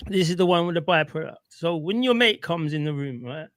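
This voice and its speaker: A man's voice: a little high, expressive, fairly quick, fairly bright tone, no room sound. A man doing casual, opinionated commentary while reviewing clips, rambling and often asking "right?". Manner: rambling, repeats himself, asks "right?".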